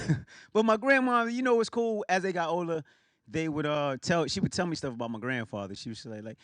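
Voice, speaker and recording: Punchy, lively male stand-up comic. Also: fairly high pitch, fast talker, dry recording. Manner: animated, punchy, loose and conversational. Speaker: stand-up comedian. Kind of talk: stand-up comedy set.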